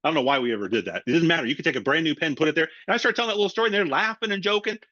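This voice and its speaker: A man's voice: on the high side, animated, rapid-fire, bright, forceful tone, no echo. A middle-aged man giving a webinar sales training and acting out both sides of phone calls. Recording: dry, slightly dull lo-fi audio.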